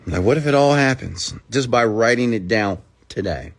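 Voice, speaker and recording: A man's voice: mid-range voice, lively intonation, moderate pace. A man giving a motivational rant who talks emphatically, repeats his points and asks rhetorical questions. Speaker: motivational speaker.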